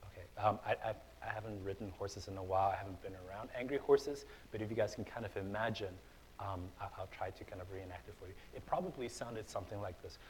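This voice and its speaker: A man's voice: on the low side, quick pace, background noise. Casual young man preaching a sermon. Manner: casual, conversational preaching with fillers and repeated starts; builds to loud, emphatic passages. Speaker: pastor. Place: church hall.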